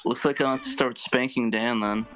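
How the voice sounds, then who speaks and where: A man's voice: medium pitch, steady tone, brisk, fairly bright tone, faint music behind. A man from New Jersey on a gaming livestream, teasing and trash-talking the others. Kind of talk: casual gaming chat.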